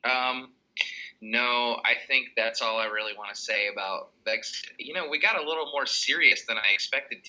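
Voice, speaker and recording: A man co-hosting a podcast, chatting in an earnest, animated way. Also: mid-range voice, normal speed, muffled recording. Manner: earnest, animated, slips into impressions. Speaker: podcast co-host. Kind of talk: casual chat.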